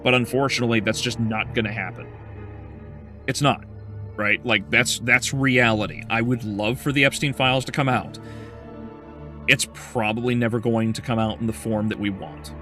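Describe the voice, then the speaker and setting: A man's voice: medium pitch, steady tone, normal speed, bright, forceful tone, soft background music. A male game streamer in casual livestream chat, ranting heatedly with profanity and frequent stumbling restarts.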